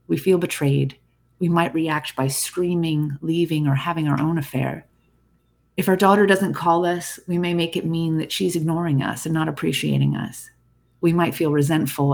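A podcast host talks through a scripted self-help episode in a calm, reflective way, turning often to the listener. The voice has a gravelly fry to it. Its tone is husky rather than clean. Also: medium pitch.

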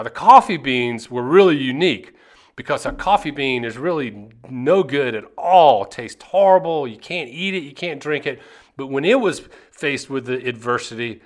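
A man's voice: mid-range voice, fairly bright tone. A man hosting a motivational podcast, speaking earnestly and emphatically as a success coach and telling a story.

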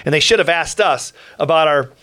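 A man's voice: fairly high pitch, fairly quick, no room sound. A middle-aged man, a professional speaker hosting a podcast, telling a long story in a casual, rambling way with restarts and asides. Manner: rambling, many restarts and asides, animated quotes.

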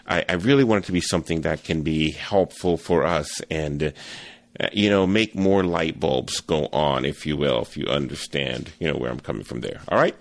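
A man's voice: very deep voice, moderate pace, creaky. A man hosting a solo podcast on photography, talking casually, rambling a little with restarts and repeated words. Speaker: podcast host, photography teacher.

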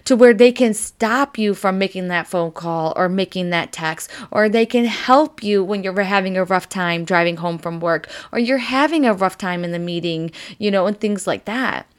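A psychic medium hosts a podcast, giving a casual oracle card reading in a loose, chatty way full of "like" and "you know," and she's moved close to tears. Her voice is medium-pitched and smooth, at a normal speed with hardly any pauses.

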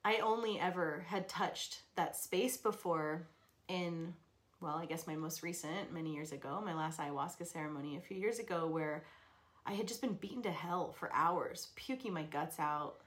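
Woman, podcast host, personal storytelling, candid, expressive, laughs often, swears. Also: low-pitched, normal speed.

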